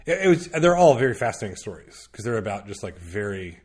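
A man's voice: on the low side, sing-song, quick pace, darkish tone, breathy edge. A man chatting casually on a podcast, rambling with lots of fillers and restarts, laughing now and then. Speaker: podcast guest recommending media. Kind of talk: casual chat.

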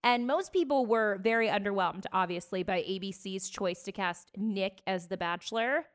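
A chatty woman co-hosting a casual podcast. She tells stories with an easy laugh in a middle-pitched voice. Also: normal speed. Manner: chatty storyteller, laughs easily. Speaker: podcast co-host. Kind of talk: casual chat.

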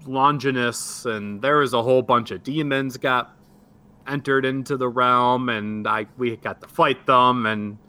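Male player, very bright tone, relaxed slow chat, lots of "uh". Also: mid-range voice. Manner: casual, hesitant, with fillers. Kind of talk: casual tabletop game chat.

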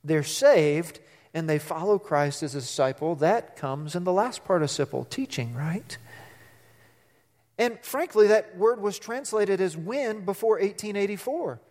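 A middle-aged man, a pastor, preaching a sermon in an animated way, acting out quotes and asking the congregation questions. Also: high voice, long reverb tail.

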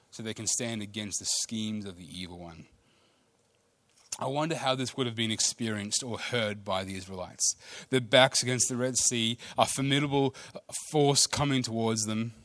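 Animated preacher, dry close sound. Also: male voice, mid-range voice, no echo. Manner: animated preaching, swings between loud and hushed. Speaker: pastor. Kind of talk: sermon.

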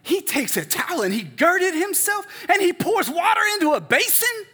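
A man putting on a loud, incredulous male sports pundit who shouts his disbelieving questions higher and higher. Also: big pitch swings, moderate pace, exaggerated voice. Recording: echoey hall.

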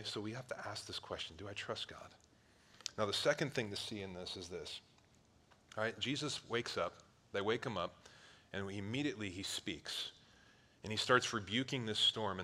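A man in his thirties from Ohio preaching a sermon, animated, swinging between loud outbursts and hushed asides. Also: on the low side, a little fast. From Ohio, near Cleveland. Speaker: pastor.

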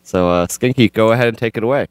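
A man hosting a casual podcast, playful and teasing with quick asides. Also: fairly low pitch, clean tone, dry recording, studio quality. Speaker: podcast host. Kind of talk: casual chat.

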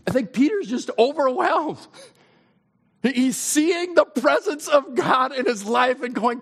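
A man preaching a sermon in a conversational way, his voice climbing when he gets excited. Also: very high-pitched, takes it slowly, slightly rough. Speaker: pastor.

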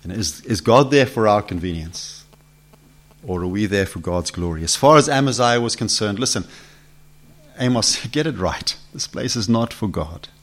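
A man's voice: fairly low pitch, lively intonation, normal speed. A man teaching a Bible study to a gathered group, conversational, asking questions and acting out the voices in the text. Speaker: preacher. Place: meeting room with a live group.

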